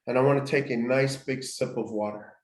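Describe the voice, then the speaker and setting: A man guides a healing exercise step by step, repeating phrases and restarting sentences as he goes. His voice sits at an ordinary middle pitch. The room around him rings with noticeable echo. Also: steady tone, a little fast. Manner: step-by-step, repetitive, frequent restarts. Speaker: healing workshop host. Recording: echoey room.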